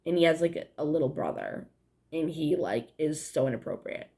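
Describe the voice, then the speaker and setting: Young woman, low-ish voice, New England accent, rambling swear-heavy vlog chat. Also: sing-song, brisk, dark tone. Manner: meandering, heavy on "like" and swearing, frequent laughs. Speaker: vlogger. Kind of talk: rambling casual monologue to camera.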